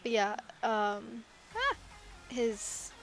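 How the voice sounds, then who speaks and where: A woman's voice: on the high side, big pitch swings, very slow, vocal fry, a bit bright, faint music behind. A woman chatting casually while she draws, rambling and giggly with self-deprecating asides. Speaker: artist drawing on stream. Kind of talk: casual chat while drawing.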